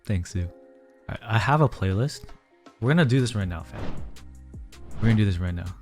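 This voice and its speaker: A man's voice: fairly low pitch, expressive, a little fast, faint music behind. A man streaming live from a small room, chatting casually and rambling to his viewers, a little out of breath. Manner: chatty, rambling, talks to chat as "fam".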